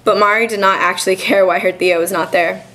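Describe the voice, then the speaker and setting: Young woman, student fiction reading, measured delivery. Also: mid-range voice, steady tone, fairly bright tone, rough recording. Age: young adult. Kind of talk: literary reading. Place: college reading event.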